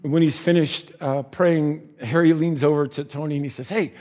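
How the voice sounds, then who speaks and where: A man preaching by telling a story, animated and giving voices to the characters in it. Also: on the high side, moderate pace. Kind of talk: sermon storytelling.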